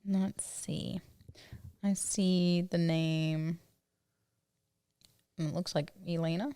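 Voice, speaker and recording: A young woman with a drawl chats easily on a podcast, slow to get to the point and full of fillers. Her voice sits low for a woman. The sound is dry and close, with no room echo. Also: fairly even intonation, warm tone, clean tone. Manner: easygoing, laughs often, drawling fillers. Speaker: podcast co-host. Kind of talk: casual chat.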